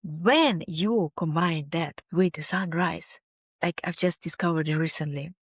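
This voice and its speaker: Earnest woman in her forties, low dry voice. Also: a little slow, breathy edge, dry recording. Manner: emphatic, earnest storytelling with slightly non-native phrasing. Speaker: health video host. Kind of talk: casual personal health vlog.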